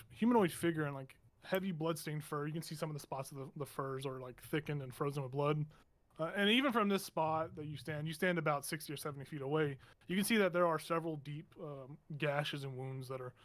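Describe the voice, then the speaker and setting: Halting game master, man. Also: fairly high pitch. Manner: meandering, halting, self-correcting. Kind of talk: narrating a tabletop game.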